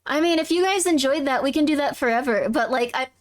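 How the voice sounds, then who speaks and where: Young woman streamer, high voice, giggly and chatty, talking to chat over a headset mic. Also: expressive, fast talker. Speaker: livestreamer. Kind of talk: casual live gameplay chat.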